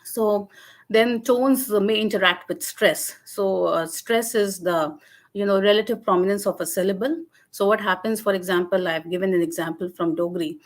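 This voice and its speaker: A woman giving an academic webinar lecture over a video call, explaining slowly and often hesitating with fillers and restarts. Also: medium pitch.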